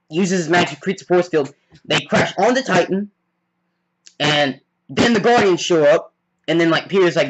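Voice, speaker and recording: A man with a slightly high voice rambles excitedly through a film recap, leaning on "like" between almost every phrase. The recording sounds dull and lo-fi, as if made on a cheap mic. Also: moderate pace. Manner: rambling, heavy on "like" fillers; excitable fan. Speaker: movie reviewer. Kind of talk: casual spoiler recap.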